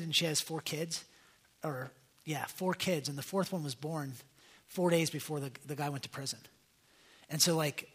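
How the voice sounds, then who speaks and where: A young man preaching with a husky, slightly high voice that has a bright, sharp edge. He talks casually to his listeners, full of fillers and restarts as he tells his stories. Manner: animated, conversational, many fillers and restarts. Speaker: pastor. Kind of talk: casual sermon storytelling.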